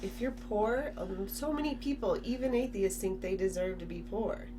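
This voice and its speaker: A woman in casual chat, candid and quick to agree. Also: mid-range voice, recorded from a distance, music in the background. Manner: frequent brief agreement, candid.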